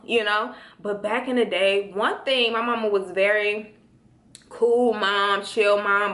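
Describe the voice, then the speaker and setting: A woman's voice: mid-range voice, pushed and bright, echoey room. A young woman from Chicago chatting casually with viewers, slangy and playful, answering their questions. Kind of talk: casual chat.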